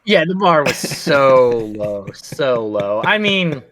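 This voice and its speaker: Bright-voiced rambling podcast guy. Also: medium pitch, sing-song, slow pace. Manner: rambling, filler-heavy, easygoing. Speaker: podcast co-host. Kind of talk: casual game review chat.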